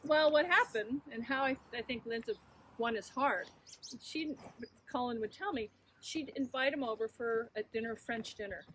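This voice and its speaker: A woman's voice: fairly high pitch, moderate pace, slight background noise, low-quality recording. Laughing woman telling old stories. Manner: lively storyteller who laughs often. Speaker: guest, former secretary. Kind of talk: casual reminiscing chat.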